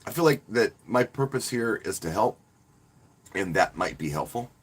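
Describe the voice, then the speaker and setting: Here the wedding DJ and channel host has a fairly low, slightly rough voice with lively intonation and a normal pace. He rambles amiably to his live stream audience, often backing up to restart what he's saying.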